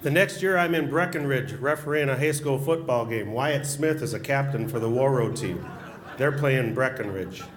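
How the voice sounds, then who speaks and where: A man's voice: mid-range voice, normal speed. Joking storyteller man in an echoey hall. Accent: Upper Midwest American. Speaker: former hockey public address announcer. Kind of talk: storytelling speech at a banquet. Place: banquet hall at a social event. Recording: echoey hall, faint room noise.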